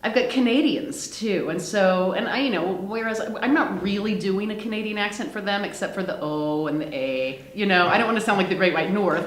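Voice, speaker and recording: An actress chatting casually in an interview, laughing often and using plenty of fillers. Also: female voice, medium pitch, normal speed. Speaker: actress in a one-woman show. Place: lounge at a theater. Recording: roomy echo.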